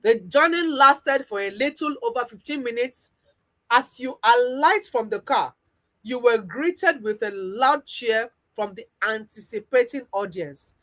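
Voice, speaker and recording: A woman's voice: on the high side, measured pace, a bit bright, poor audio. A woman coach with a Nigerian accent narrating a second-person guided visualization story. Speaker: weight-loss coach.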